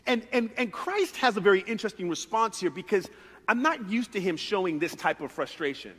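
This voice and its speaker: High-voiced pastor preaching in an echoing hall. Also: male voice, fairly quick, breathy edge. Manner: conversational, animated preaching with repeated words. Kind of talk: sermon. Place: church sanctuary. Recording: reverberant church hall.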